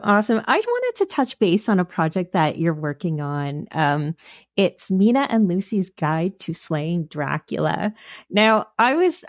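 A woman's voice: on the low side, dry recording, clean studio sound. A woman hosting a podcast interview, talking enthusiastically with lots of fillers. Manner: enthusiastic, uses many fillers. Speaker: podcast host. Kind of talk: casual interview chat.

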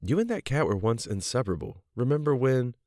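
A man's voice: medium pitch, very animated, a little fast, dark tone, no echo, clean studio sound, pitched above the performer's own voice, lightly acted. A man voicing a woman who protests her arrest, indignant and insistent in a storybook reading. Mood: defiant. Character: anxious woman facing arrest, defiant.

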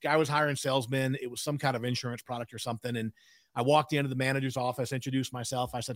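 A man's voice: medium pitch, steady tone, rapid-fire, no echo, clean studio sound. A man in his sixties, a podcast guest telling a candid story in an emphatic way with frequent asides.

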